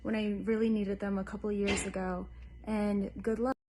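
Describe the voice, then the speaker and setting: A woman's voice: medium pitch, little pitch movement, moderate pace, noisy background. A woman from New Jersey giving a short, grateful message.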